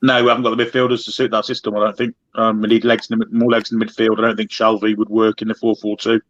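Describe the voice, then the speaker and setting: A man on a panel explaining his football reasoning quickly in a casual discussion. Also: fairly low pitch, flat delivery, no room sound. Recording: dull, dry lo-fi line.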